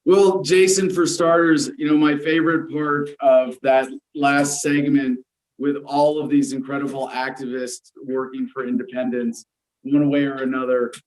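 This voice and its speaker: A man's voice: mid-range voice, little pitch movement, normal speed, darkish tone, rough recording. A man from the United States, a guest on a live talk show, teasing and wry and speaking in long sentences. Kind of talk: casual livestream chat.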